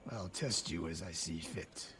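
A man's voice: low voice, unhurried, fairly bright tone, a little hiss or hum. An actor playing a stern older male archery sensei in a video game, speaking in a testing, commanding manner. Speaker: game character.

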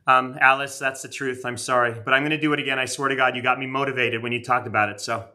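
Middle-aged male streamer, bright tone, chatty and self-deprecating, a bit winded. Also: mid-range voice, steady tone, racing. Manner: rambling, self-mocking, chatty with viewers. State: out of breath. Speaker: card collector streaming live. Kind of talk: casual live-stream chat.

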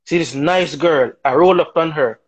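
A man's voice: a little high, normal speed, lo-fi sound, slight background noise. A man, a talk show guest arguing his views emphatically and rhetorically, often checking in with "right?". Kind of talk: opinionated talk show discussion.

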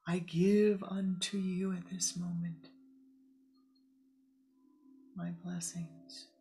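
A woman voicing a loving male divine Lord, speaking softly and often in a whisper. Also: on the low side, flat delivery, extremely slow, faint music behind. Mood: tender. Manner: soft, often whispered blessing.

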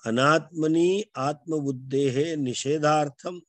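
An older man with an Indian English accent teaching scripture, explaining texts and slowly chanting Sanskrit verses line by line. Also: on the high side, fairly bright tone, no room sound.

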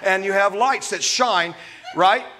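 Male pastor, animated preaching, quick jokes, high, ringing voice. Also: slight background noise. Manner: animated preaching with humorous asides. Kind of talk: sermon.

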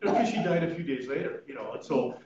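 Animated storytelling man in an echoey room. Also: fairly high pitch, fast talker, a little hiss or hum. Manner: storytelling, animated, laughs at his own stories. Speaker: chaplain and funeral pre-planning consultant leading a class. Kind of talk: informal talk to a class. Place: church meeting room. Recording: echoey room, mic at a distance, dull sound.

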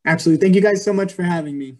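A man's voice: high-pitched, rapid-fire. A man in his twenties giving an earnest Christian testimony over a video call, with many ums and likes. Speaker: guest speaker.

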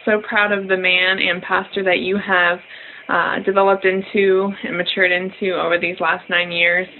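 A woman speaks gently and affectionately of her husband's growth as a pastor. Her pitch stays level, the audio is thin and phone-like, and a faint hiss sits underneath. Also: little pitch movement, moderate pace.

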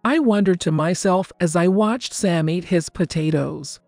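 An older woman narrating a first-person family story in a calm, even, scripted storytelling delivery. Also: lowish voice, a little slow, no echo. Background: faint background music.

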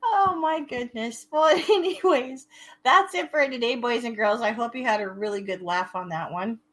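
A woman's voice: on the high side, moderate pace, fairly bright tone. A woman hosting a casual chat show, telling a story while laughing through her words. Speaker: podcast host.

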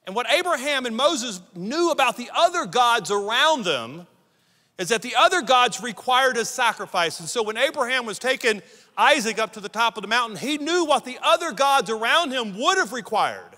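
High, bright-voiced man preaching in a hall. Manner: emphatic preaching, repeats words when starting sentences. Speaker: pastor. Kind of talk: sermon. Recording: long reverb of a big church hall.

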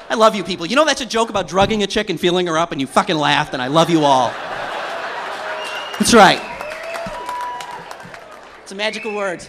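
A young man doing a stand-up comedy routine on a theater stage, loose and conversational, building to shouts. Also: high voice, animated, a little fast, pauses often, some chatter behind, slight background noise. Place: theater stage before a live audience.

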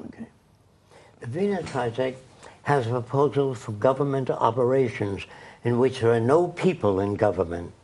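A man's voice: medium pitch, lively intonation, normal speed, darkish tone, slight background noise. An older man speaking as a studio interview guest. He talks emphatically and rambles through long stories, pushing his ideas hard. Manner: puts on a foreign accent when quoting.

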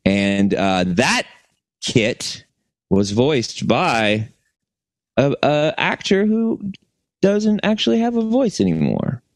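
A man's voice: mid-range voice, big pitch swings, takes it slowly, dry recording. A man co-hosting a podcast, chatting casually and rambling with many restarts. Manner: rambling, lots of restarts and fillers. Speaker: podcast co-host. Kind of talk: casual chat.

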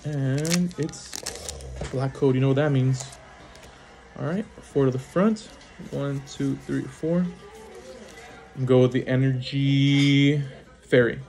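Quick-talking man opening card packs. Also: medium pitch. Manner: rattles off card names quickly, brief excited reactions. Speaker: card-opening channel host. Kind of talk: casual commentary while opening card packs. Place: at home at a small table.

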